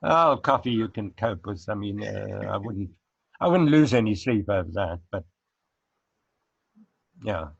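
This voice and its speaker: A man's voice: lowish voice, animated, gravelly, breathy edge, no echo. A man, a former dancer, answering interview questions casually and searching for his words over a video call. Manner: halting, searching for words, chuckling. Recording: dry, dull lo-fi call audio.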